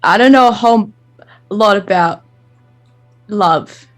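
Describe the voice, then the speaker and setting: A woman's voice: medium pitch, slow pace, faint music behind, close to an everyday voice. A woman voicing a drunk, blunt warrior woman who speaks tenderly and hesitantly.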